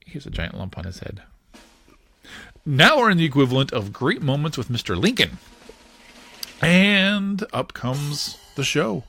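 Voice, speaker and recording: Animated man recapping a cartoon. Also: fairly high pitch, a little hiss or hum. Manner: animated play-by-play retelling with chuckles. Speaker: podcast host.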